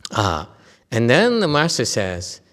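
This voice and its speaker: A man's voice: medium pitch, wildly swooping pitch, slow, a bit bright. A Buddhist master from Vietnam giving a dharma lecture in a temple hall, joking and conversational, often checking in with his listeners. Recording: long reverb in a hall.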